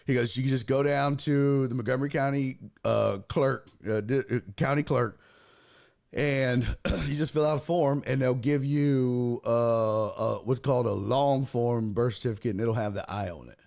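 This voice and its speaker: A man's voice: medium pitch, moderate pace, creaky, a little mellow. A man from Texas, hosting a podcast and telling a story in a casual, profane, ranting way. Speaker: host.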